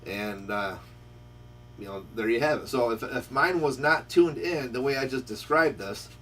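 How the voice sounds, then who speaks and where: A man's voice: mid-range voice, moderate pace, a bit bright, slight background noise. A man hosting a casual radio-shop chat, rambling through a story and acting out both sides of the dialogue. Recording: voice picked up from a distance.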